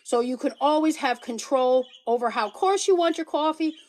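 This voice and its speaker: A woman's voice: sits high, moderate pace, darkish tone. A middle-aged woman hosting a casual live stream, demonstrating a product in a chatty, repetitive way with a joking hard sell. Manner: chatty, repeats herself, jokey hard sell. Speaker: TikTok live seller.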